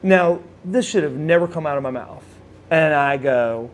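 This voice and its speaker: A man from Oklahoma telling a casual anecdote as a guest, his voice sitting a little high for a man. He tells it in an animated way and acts out the other people's lines as he goes. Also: normal speed. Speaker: guest telling a wrestling story.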